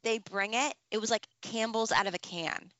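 A woman chatting casually as a podcast co-host, telling stories with lively acted-out reactions. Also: fairly high pitch, moderate pace. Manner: animated storytelling, acts out her own reactions. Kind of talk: casual chat. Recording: dull, slightly lo-fi dry sound.

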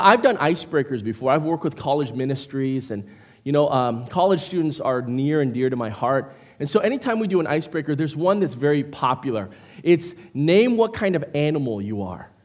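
A man in his fifties delivers an animated sermon. His voice sits high for a man and swings widely in pitch. His preaching is chatty, and he keeps prompting the congregation. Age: 50s. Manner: animated, conversational preaching with frequent "right?" and "okay?". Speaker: pastor. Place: church.

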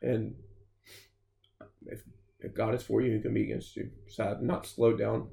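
A man's voice: lowish voice, little pitch movement, moderate pace, gravelly, mellow, a little hiss or hum. A man, a podcast guest, earnestly telling his personal story and acting out what people said to him. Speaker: gym founder, podcast guest.

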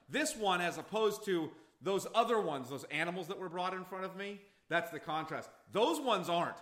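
Man, pastor, sermon, bright forceful tone, slightly high pitch, emphatic repetition. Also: expressive, brisk. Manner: emphatic, repeats phrases for stress. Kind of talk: expository sermon. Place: church sanctuary.

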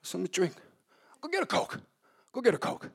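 Man putting on a gruff heavyset mobster. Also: high-pitched, sing-song, a little fast, fairly bright tone, voice pushed up, heavily acted. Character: gruff heavyset male mobster, menacing then gruffly forgiving.

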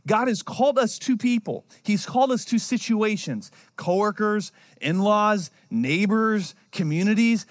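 A man in his thirties preaching to a congregation with a slightly high voice. He talks casually, tells stories and acts out the voices of people in them. His sermon moves between plain talk and bursts of emphasis. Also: animated, unhurried. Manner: conversational, storytelling with acted-out quotes. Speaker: pastor.

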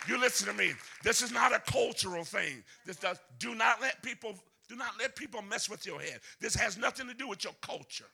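Southern US preacher, man, fiery sermon, high gravelly voice, bright sharp tone, sing-song shouting. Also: animated, a little fast, few pauses, a faint crowd, slight background noise. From deep South of the US. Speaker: pastor.

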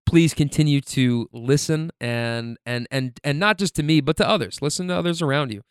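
A man with a slightly high, clean voice hosts a podcast at a moderate pace, telling loose, profane, filler-laden stories in a relaxed manner. The clean studio sound carries no echo.

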